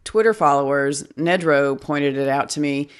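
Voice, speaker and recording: A podcast co-host in casual chat, relaxed and hedging with fillers. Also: medium pitch, normal speed, clean tone.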